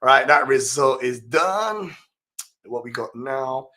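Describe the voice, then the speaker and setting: A man's voice: mid-range voice, animated, slow pace. Chatty man on a live stream. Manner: chatty, laughs often, reacts loudly to comments. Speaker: fantasy football streamer. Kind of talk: live stream chat reading viewer comments.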